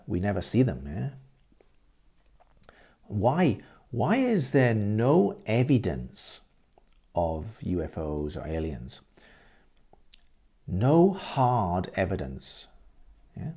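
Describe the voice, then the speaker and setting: Slow, gravelly man teaching through a story. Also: sits low, mellow. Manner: repeats words, explains vocabulary. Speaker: English teacher. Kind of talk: storytelling lesson for learners.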